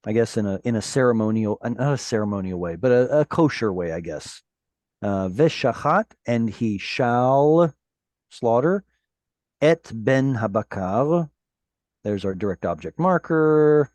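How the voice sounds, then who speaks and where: A man teaching a Hebrew class over a video call, patiently explaining words and reading verses slowly. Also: fairly low pitch, darkish tone, dry recording.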